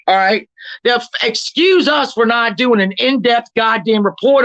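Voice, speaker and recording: A woman's voice: a little high, lively intonation, moderate pace, fairly bright tone, no room sound, muffled recording. A woman hosting a livestream who rants in a profane, combative way, mocking her critics and reading chat comments aloud before firing back at them. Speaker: livestream host. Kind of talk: confrontational livestream rant.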